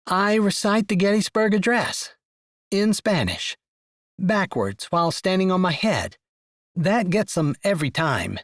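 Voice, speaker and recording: A man's voice: high voice, big pitch swings, unhurried, fairly bright tone, no room sound, studio quality, pitched above the performer's own voice, full character voice. A man voicing a spirited young woman who teases and jokes in mock boasting. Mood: teasing. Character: spirited teasing young woman, bank executive.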